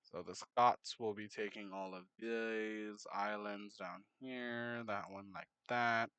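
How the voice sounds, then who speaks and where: A man narrating a map game in casual commentary, unhurried, muttering asides to himself. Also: lowish voice, steady tone, pushed and bright, smooth, no room sound.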